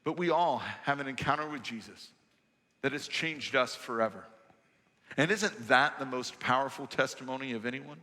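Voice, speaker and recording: A male pastor preaching a sermon in a church sanctuary, measured and emphatic with rhetorical questions. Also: mid-range voice, sharp tone, in a large hall.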